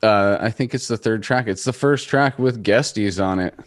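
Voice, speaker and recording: A man's voice: lowish voice, moderate pace, dry recording, clean studio sound. A man hosting a podcast in casual chat, laid-back and swearing freely, saying "dude" a lot. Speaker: podcast host.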